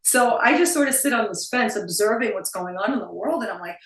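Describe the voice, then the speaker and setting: A woman's voice: mid-range voice, brisk, recorded from a distance. A woman in her forties with a New Jersey accent, a guest chatting bluntly and with plenty of swearing in an interview over a video call. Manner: blunt, profane, animated. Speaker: actress guest. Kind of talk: casual interview chat. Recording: roomy sound from off-mic.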